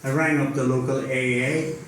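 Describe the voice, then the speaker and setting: A man's voice: mid-range voice, level tone, fairly bright tone. An older man performing a stand-up routine, telling stories with dry punchlines. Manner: storytelling, unhurried with dry punchlines. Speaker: stand-up comedian. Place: live venue with audience. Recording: echoey hall, far from mic, faint noise.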